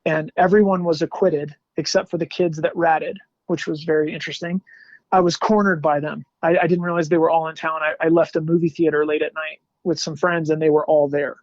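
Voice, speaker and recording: A man's voice: fairly high pitch, flat delivery, fairly quick, dry recording. A man from Salt Lake City telling a painful personal story as a podcast guest, speaking in a candid, slangy and emotional way. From Salt Lake City, USA. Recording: dull lo-fi dry sound.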